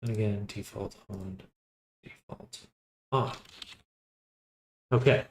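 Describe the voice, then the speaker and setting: A sleepy man thinking aloud in a quiet, unhurried murmur while he works through a task on a livestream. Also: on the low side, vocal fry, noisy background. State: sleepy, yawning. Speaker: livestreamer building avatars.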